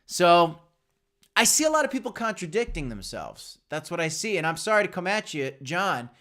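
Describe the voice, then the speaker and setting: A crypto livestream host speaks at normal speed in a high-sitting, pushed and bright voice, very animated throughout. His casual commentary is direct and opinionated toward viewers, with frequent restarts and self-corrections.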